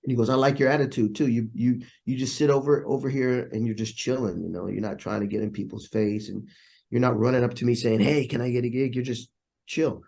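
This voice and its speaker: A man's voice: medium pitch, steady tone, brisk, vocal fry, darkish tone. A man, a trumpet player and interview guest, telling stories in casual conversation and acting out the voices of people he quotes.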